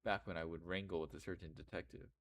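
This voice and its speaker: A man's voice: deep voice, steady tone, fast, fairly bright tone, slight background noise. A man playing Excelsius Winter, teary old uncle. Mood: sentimental, avuncular. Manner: grandfatherly and teary. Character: genial elderly man, sentimental, theatrical, fatherly. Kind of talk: fan voice-over of a game. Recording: game music playing behind.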